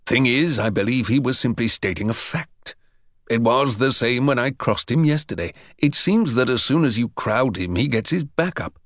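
A man voicing an earnest male math teacher in a low, plain, measured delivery. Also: lively intonation, fairly bright tone, no room sound, clean studio sound, natural voice.

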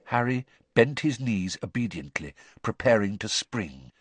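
Husky male audiobook narrator. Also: on the low side, unhurried, hardly any pauses, no room sound. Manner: expressive storytelling. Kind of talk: scripted narration.

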